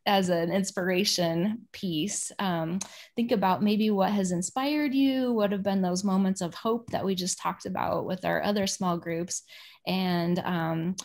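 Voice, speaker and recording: A woman's voice: medium pitch, steady tone, a little slow. A woman in children's ministry hosts a workshop over a video call. She talks casually and chattily, with plenty of fillers as she tells stories and explains tasks. Her voice comes through a computer microphone. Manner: chatty, warm storytelling with many fillers. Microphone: computer mic on a video call.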